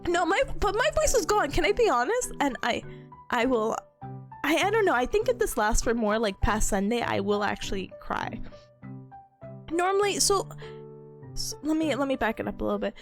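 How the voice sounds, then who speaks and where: A woman streamer chatting casually, her voice a little sick and hoarse, animated and laughing often. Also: high-pitched, moderate pace, pauses often, faint music behind. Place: small rented room indoors. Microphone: streaming setup with headphones on.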